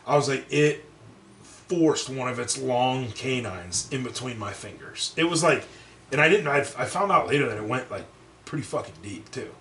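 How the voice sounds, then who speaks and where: A young man with a bright, forceful voice tells a crude story on a podcast, swearing freely and jumping into the voices of the people in it. He sits back from the mic in a roomy, echoey space with a faint hiss of background noise. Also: mid-range voice, moderate pace, far from the mic. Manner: profane, animated, acts out quotes. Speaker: podcast co-host. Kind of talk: casual storytelling chat.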